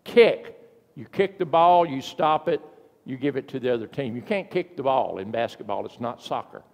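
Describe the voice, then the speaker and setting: An older male pastor delivering a sermon in a church, telling folksy stories and breaking into sudden loud, emphatic bursts. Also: medium pitch, lively intonation, brisk, long reverb tail. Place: church sanctuary.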